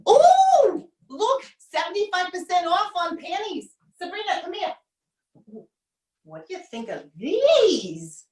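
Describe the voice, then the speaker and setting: A chattering, bossy mother who never listens, as a woman puts her on in a solo stage show. She gushes and dismisses in a lively, swooping voice. The sound is roomy and heard from a distance. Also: very high voice, voice pushed up, heavily acted. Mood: gushing. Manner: brisk, bossy, brushing things off.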